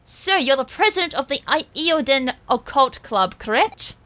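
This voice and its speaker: A woman's voice: sits high, lively intonation, moderate pace, sharp tone. A woman, chatting through a video game playthrough in a rambling, self-correcting way. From Australia. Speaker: gaming streamer. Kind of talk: let's-play commentary.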